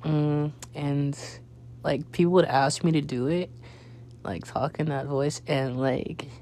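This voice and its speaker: A man's voice: on the high side, fairly even intonation, slow, warm tone, a little hiss or hum. A young man hosting a casual solo podcast, rambling with many fillers and restarts. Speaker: podcast host.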